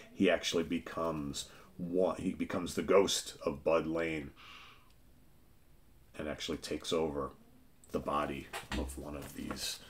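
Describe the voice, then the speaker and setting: A man's voice: low-pitched, a bit bright. A man hosting a casual comic book show, retelling the story in a chatty way and often asking "right?". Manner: chatty, keeps checking in with "right?"; retells the plot and reads captions aloud.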